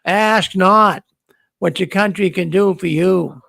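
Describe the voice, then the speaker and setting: A man's voice: sits high, slow pace, vocal fry, pushed and bright, no room sound, heavily acted. A Boston-accented man doing an impression of a male president delivering a famous speech line in a grand, clipped oratorical manner. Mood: orating.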